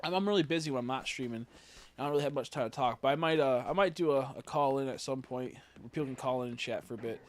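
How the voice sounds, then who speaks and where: A man's voice: medium pitch, fast, a little hiss or hum. A young man streaming a game, chatting casually in a rambling, crude and joking way.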